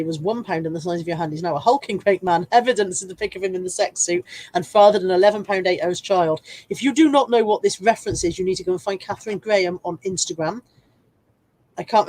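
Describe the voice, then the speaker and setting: A woman's voice: medium pitch, a little mellow, dry recording. Congested, chatty woman with a cold. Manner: chatty, rambling, self-deprecating, greets viewers by name. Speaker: live stream host. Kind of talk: casual live stream chat.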